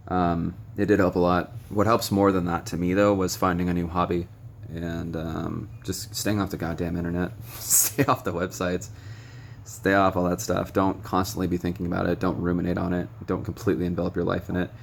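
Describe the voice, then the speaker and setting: Low gravelly young man, rambling frankly. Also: little pitch movement, brisk, slight background noise. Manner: frank and rambling, many ums, blunt swearing. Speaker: vlogger sharing recovery advice. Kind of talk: casual direct-to-camera monologue. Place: noisy room with stray tapping and beeping.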